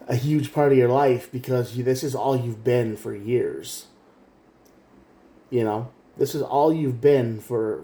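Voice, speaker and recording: Mellow-voiced male tarot reader, earnest, talks straight to the viewer. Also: mid-range voice, echoey room. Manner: earnest, direct, repeats himself, mimics quoted voices. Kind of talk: casual spoken tarot reading.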